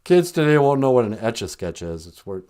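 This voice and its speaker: A man's voice: mid-range voice, very animated, quick pace, dark tone. A man hosting a casual live-stream podcast, telling jokey stories and laughing often. He is outdoors on a back porch. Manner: joking storyteller, laughs often. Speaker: podcast host.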